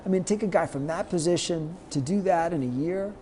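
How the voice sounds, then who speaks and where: Middle-aged male guest, mellow voice, animated storyteller who acts out quotes, faint noise behind. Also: fairly high pitch, fairly quick. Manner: lively anecdotes, acts out quoted lines. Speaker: guest, sports marketer. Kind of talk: storytelling in a podcast interview.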